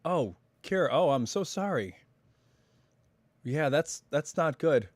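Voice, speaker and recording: Rambling, slightly hoarse man streaming live. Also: on the high side, lively intonation, takes it slowly, dry recording. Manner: chatty and rambling, full of asides. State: hoarse, recovering voice. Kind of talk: casual live stream chat. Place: at home.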